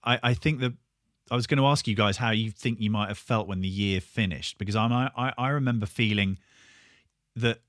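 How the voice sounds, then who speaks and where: Deep-voiced hesitant man, dry sound. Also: fairly quick, fairly bright tone, dry recording. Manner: thoughtful, hesitant with ums. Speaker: band member. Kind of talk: reflective podcast chat.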